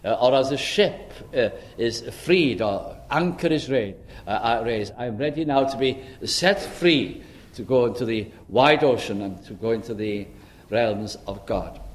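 A man preaching an expository sermon in a measured, earnest way, often pausing with "uh" as he works through a passage. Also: medium pitch, lively intonation.

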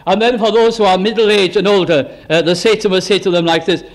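A man preaching an evangelistic sermon in a notably high voice. He leans hard on rhetorical questions and swings dramatically from lifted, bright phrases down to low, hushed ones. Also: fairly even intonation, a little fast, hardly any pauses. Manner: emphatic, full of rhetorical questions, swooping between high and low.

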